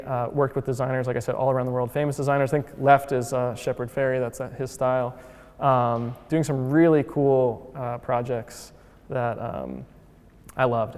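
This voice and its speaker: A man gives a relaxed, chatty lecture in a mid-range voice, full of fillers and asides. His voice carries a long reverb from a lecture hall. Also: mid-range voice, clear, resonant tone. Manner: chatty and upbeat, heavy use of "like" and "uh"; acts out quotes with voice shifts. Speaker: museum founder giving a lecture. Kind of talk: casual lecture.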